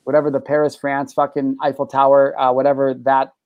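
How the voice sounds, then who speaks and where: A man's voice: mid-range voice, fairly quick, no echo, dull audio. A young adult man telling a personal story in casual chat, with lots of swearing and "bro". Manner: profane, animated, says "bro". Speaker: guest.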